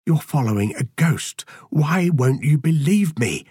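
A man's voice: fairly low pitch, fast, husky, no room sound, studio quality. A man voicing an anxious, earnest young male servant in an audiobook, pleading and insistent.

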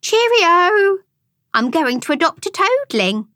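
A woman voicing a showy, enthusiastic female toad with a high-pitched voice, in a storybook audiobook. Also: big pitch swings, unhurried, a bit bright, no room sound, studio quality, full character voice. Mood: gushing. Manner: gushing, enthusiastic.

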